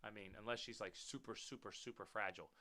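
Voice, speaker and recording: A man hosting his own podcast, telling a story in a casual, animated way, swearing freely and talking straight to his listeners. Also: fairly low pitch, fast. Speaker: podcast host.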